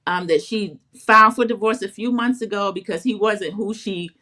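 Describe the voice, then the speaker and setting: A woman's voice: mid-range voice, normal speed, sharp tone. A woman co-hosting an online talk show, recapping a reality series in a chatty, opinionated way. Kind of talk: casual recap chat.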